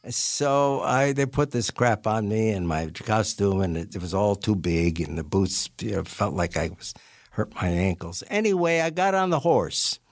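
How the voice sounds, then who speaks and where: Lively man in his eighties telling stories. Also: on the low side, moderate pace. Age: 80s. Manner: animated storyteller who acts out voices and laughs often. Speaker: guest, character actor. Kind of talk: anecdotal interview storytelling.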